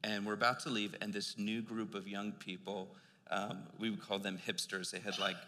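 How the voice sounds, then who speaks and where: A man's voice: lowish voice, flat delivery, normal speed, pushed and bright. An older man preaching a sermon in a church, telling a personal story in a loose conversational way with many fillers. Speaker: pastor. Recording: long hall reverb.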